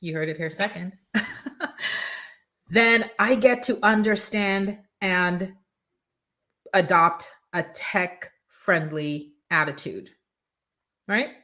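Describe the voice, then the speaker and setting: A middle-aged woman with a slightly low voice coaching her audience on branding. She talks with energy and emphasis and slips into playful quoted voices to make a point. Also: slow, pushed and bright. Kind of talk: motivational coaching talk.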